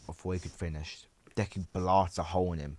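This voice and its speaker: A man's voice: low-pitched, fairly even intonation, brisk, mellow. A man casually narrating a fan story, rambling with many restarts and asides to his viewers.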